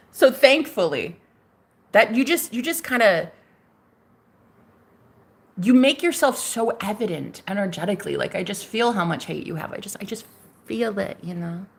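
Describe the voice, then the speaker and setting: A woman's voice: mid-range voice, animated, unhurried, creaky, pauses often, breathy edge. A woman vlogger delivering a sassy, profane rant straight to camera, mocking her critics and laughing often. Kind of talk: ranting monologue to camera.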